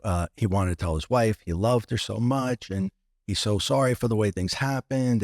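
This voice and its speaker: A man's voice: on the low side, a little mellow, no room sound, studio quality. A man guest on a podcast, telling a personal story with many restarts and acting out what others said.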